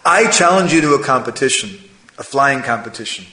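A man's voice: medium pitch, fairly even intonation, normal speed, fairly bright tone, natural voice. A man voicing a boastful, overfed male crow who swaggers, taunts and later begs, in a storytelling talk. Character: boastful fat male crow, proud then terrified. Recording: echoey room.

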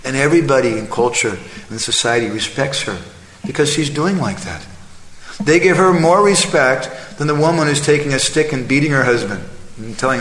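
A man's voice: mid-range voice, expressive, moderate pace, fairly bright tone, a little hiss or hum. A male preacher giving a conversational sermon, telling a story and often checking in with the audience. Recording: echoey hall, faint ambience.

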